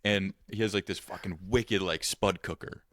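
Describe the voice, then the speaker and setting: Deep voiced dude cussing and teasing his buddy on a podcast, super dry sound. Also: steady tone, moderate pace, a bit bright, dry recording. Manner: teasing, profane banter. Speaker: podcast co-host. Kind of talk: casual chat.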